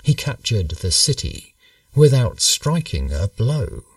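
A man reading a history story aloud as a measured, storytelling narrator. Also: mid-range voice, no room sound, distant mic. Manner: slow, measured, lively storytelling.

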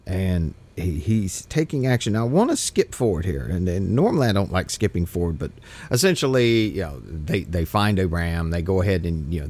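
Man, Bible teacher, reads verses then comments, emphatic, restarts often, animated pitch. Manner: emphatic, with frequent restarts and repetitions. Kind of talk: scripture reading with sermon commentary.

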